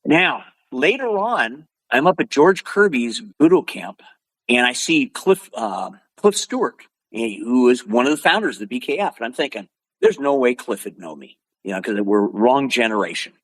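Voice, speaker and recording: An older man from Oregon, a martial arts instructor telling stories as an interview guest, lively and acting out quotes. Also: mid-range voice, moderate pace, no echo. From Oregon, USA. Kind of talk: animated storytelling.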